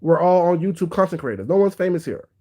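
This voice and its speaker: Male livestream host with a slightly high voice, bluntly gossiping and shouting out viewers by name. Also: expressive, fast talker. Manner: blunt, gossipy, greets viewers mid-rant. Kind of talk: casual commentary livestream.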